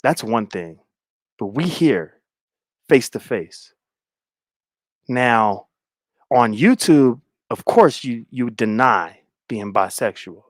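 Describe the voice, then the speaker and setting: A man voicing a smooth-talking young man who speaks low and hushed while confessing his desire. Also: animated, takes it slowly, pauses often, no echo, clean studio sound. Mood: hushed, insistent.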